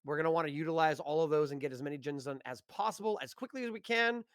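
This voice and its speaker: A man with a high voice co-casts a live esports match, rambling and stopping to restart his sentences, often laughing. He is recorded close and very dry, with no room sound at all. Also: fast, fairly bright tone, clear, resonant tone, no echo. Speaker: esports co-caster.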